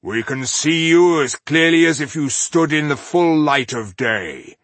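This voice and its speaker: A man voicing a calm, menacing male dwarf renegade who speaks slowly and threatens coldly. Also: a little high, no room sound, pitched above the performer's own voice. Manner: slow, measured, threatening.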